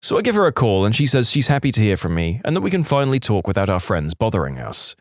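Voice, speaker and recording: A man reading confessional stories aloud in a scripted storytime style. His pitch swings widely as he reads, keeping the delivery animated. The recording is close and dry with no room sound. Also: fast talker, no echo. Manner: lively, expressive reading. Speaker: storytime narrator.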